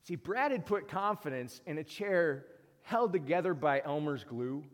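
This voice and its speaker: A man preaching a sermon, telling stories and moving between emphatic peaks and quiet asides. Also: fairly high pitch, expressive, measured pace. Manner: storytelling, rising to emphatic peaks then dropping quiet. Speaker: pastor. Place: church. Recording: long reverb of a church hall.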